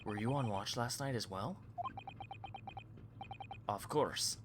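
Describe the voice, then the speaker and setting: A man's voice: lowish voice, slow pace, background noise. A man reading the lines of a polite, earnest young male law student who hesitates and stumbles over his words.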